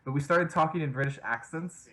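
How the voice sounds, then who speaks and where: A man's voice: on the high side, a little fast, bright, forceful tone, low-quality recording. A young man co-hosting a podcast, rambling through a story with frequent laughs. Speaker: podcast co-host. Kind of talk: casual chat.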